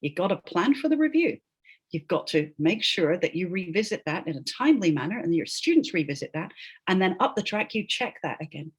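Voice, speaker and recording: Husky, lively-pitched woman explaining spelling. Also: fairly quick. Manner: emphatic, often tags "right?", laughs between points. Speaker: guest, educational linguist. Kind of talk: animated explanatory interview talk.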